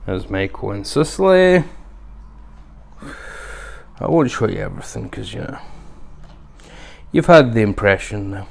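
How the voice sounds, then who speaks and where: A man's voice: lowish voice, sing-song, measured pace, creaky, long pauses. A man hosting a casual unboxing review, chatty and rambling with lots of fillers. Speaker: video host.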